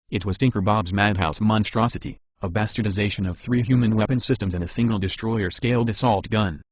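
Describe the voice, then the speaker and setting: A man reading an audiobook as its narrator, in a steady, even scripted narration. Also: lowish voice, dry recording.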